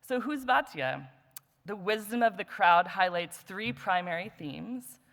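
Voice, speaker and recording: Introducing an award winner at a conference, a woman who was once their student tells light jokes and reads out the winner's qualities one at a time. Her mid-range voice is animated, a bit bright and a little slow, with vocal fry, and the hall adds long reverb.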